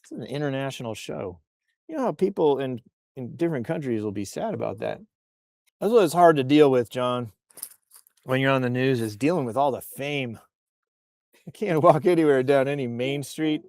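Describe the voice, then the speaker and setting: A man's voice: mid-range voice, lively intonation, moderate pace, a little mellow, no echo, studio quality. A man hosting a news show as a casual livestream chat, rambling and joking playfully. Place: outdoors on a bluff while on vacation.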